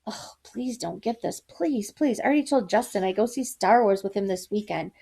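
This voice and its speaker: A woman's voice: mid-range voice, fast talker, dark tone, lightly acted. A woman voicing a popular, scornful teen girl who taunts a classmate. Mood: muttering. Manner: sneering, taunting.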